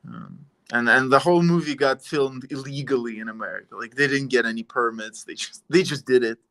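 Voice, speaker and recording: A man's voice: mid-range voice, fairly quick, pushed and bright. A man from Italy hosting a podcast, rambling in a loose, conversational way. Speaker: podcast host. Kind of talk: casual podcast chat.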